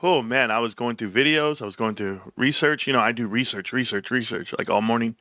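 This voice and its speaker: A man hosts his own livestream and talks to his chat in a loose, rambling way. His voice is bright and forward, and it sits in a dry, close sound with no room around it. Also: mid-range voice, brisk, dry recording. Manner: rambling, laughs while telling stories. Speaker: livestream host.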